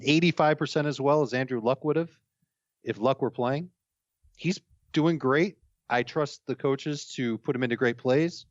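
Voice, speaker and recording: A man's voice: mid-range voice, no room sound. Man making a confident case, muffled sound. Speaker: sports analyst panelist. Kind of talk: casual sports chat.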